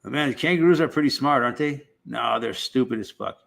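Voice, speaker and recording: A man's voice: medium pitch, fast, creaky, fairly bright tone. A middle-aged man hosting a casual live stream, rambling and swearing in a laid-back way.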